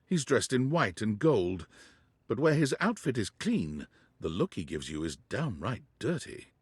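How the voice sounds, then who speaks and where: A man reading scripted game narration in a measured, descriptive way. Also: mid-range voice, big pitch swings, slightly rough, dry recording.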